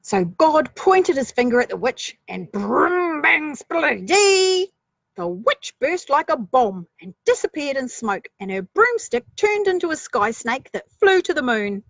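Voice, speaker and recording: A woman's voice: high-pitched, sing-song, normal speed, few pauses, no echo. A woman reading a children's story aloud, playful, with chatty asides.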